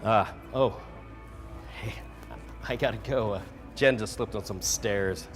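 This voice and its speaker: A man's voice: lowish voice, slow, music in the background. A man acting in a comedy sketch, talking in a sheepish, awkward way. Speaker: sketch actor.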